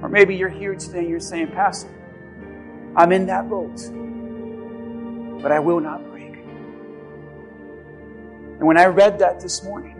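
A man preaching a sermon as pastor, building from quiet, low passages to impassioned shouting and leading an altar call. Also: steady tone, a little slow, long pauses, music in the background. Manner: impassioned, rising to shouts then dropping low.

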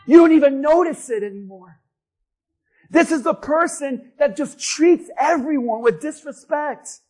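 A male pastor preaches with a strikingly high voice. He delivers the sermon emphatically, hammering his points home through repetition and rising to a forceful push on key phrases. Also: rough recording.

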